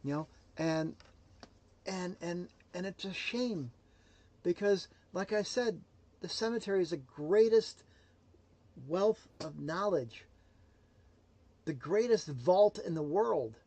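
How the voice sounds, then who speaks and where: A man giving a motivational livestream talk, emphatic and swinging between loud declarations and hushed asides. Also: high-pitched, lively intonation, takes it slowly, long pauses. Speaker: motivational speaker.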